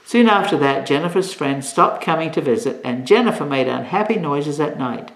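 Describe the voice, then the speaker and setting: A woman reads a storybook aloud with a lively, bouncing voice, stopping now and then to put questions to her young listeners. The room echoes around her, giving the reading a hollow, roomy sound. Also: deep voice, normal speed.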